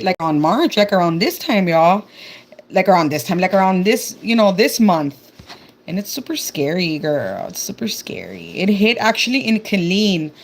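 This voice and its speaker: A woman's voice: lowish voice, slight background noise. A young woman with a Texan accent chatting casually on a live stream, reading viewer comments aloud and calling everyone "girl". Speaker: livestreamer.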